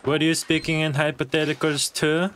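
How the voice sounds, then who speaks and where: A man's voice: on the high side, flat delivery, moderate pace, a bit bright, close to an everyday voice. A man playing a stubborn, preachy protester in broken English. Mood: lecturing. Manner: broken English grammar, lecturing and insistent. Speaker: role-play character, peaceful protester. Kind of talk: in-character game role-play. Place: game voice chat.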